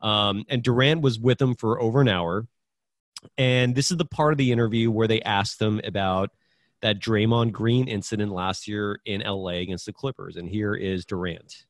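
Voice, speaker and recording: A man co-hosting sports talk who sets up a clip quickly and energetically. His voice sounds dry and close to the mic. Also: lowish voice, steady tone, no echo.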